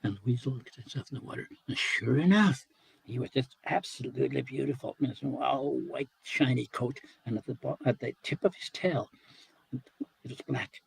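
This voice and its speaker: A man telling a traditional folk tale, unhurried and repeating phrases for rhythm. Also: mid-range voice, gravelly, husky, no echo, poor audio. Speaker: storyteller. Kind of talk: oral folk storytelling.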